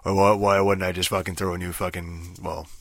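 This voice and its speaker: Low, flat-voiced man ranting profanely. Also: a little fast, dry recording, clean studio sound. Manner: profane, rambling, full of fillers. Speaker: podcast host. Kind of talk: casual solo podcast rant.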